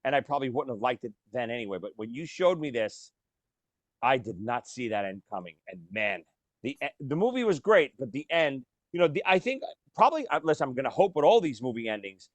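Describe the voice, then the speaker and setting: A man's voice: mid-range voice, normal speed, no room sound. A man co-hosting a casual podcast, talking animatedly about films and acting out lines. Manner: animated, swears casually, acts out movie lines. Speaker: podcast co-host. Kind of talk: casual chat.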